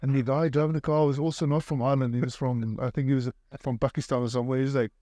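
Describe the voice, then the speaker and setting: Guest: man, halting laughing anecdotes, very dry close sound. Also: medium pitch, steady tone, warm tone, dry recording. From South Africa. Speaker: guest, former rugby player. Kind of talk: casual storytelling.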